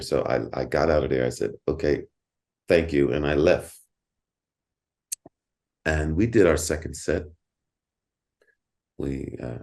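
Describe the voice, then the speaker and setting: A middle-aged man, a podcast guest, telling a story in casual talk, animated and repeating words, laughing often. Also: extremely low pitch.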